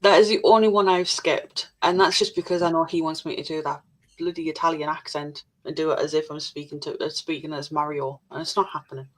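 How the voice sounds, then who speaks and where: Low-voiced woman reading out chat. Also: fairly even intonation, fairly quick. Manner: reads comments aloud, blunt and sweary. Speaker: livestream co-host reading chat comments. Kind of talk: casual livestream chat.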